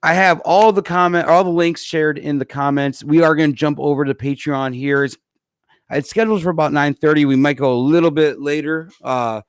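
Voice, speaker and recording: A man's voice: mid-range voice, clean tone, no echo. A man hosting a live music podcast, chatting casually and rambling a little, calling everyone man and dude. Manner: easygoing, rambling, calls people man and dude. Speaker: podcast host. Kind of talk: casual live-show chat. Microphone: computer setup for a live stream.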